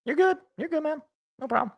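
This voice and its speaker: A man's voice: extremely high pitch, expressive, fairly quick, vocal fry, muffled recording. A young man hosting a live sports reaction, mixing casual chat with his own play-by-play calls and often restarting his sentences. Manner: chatty, rambling, restarts mid-sentence.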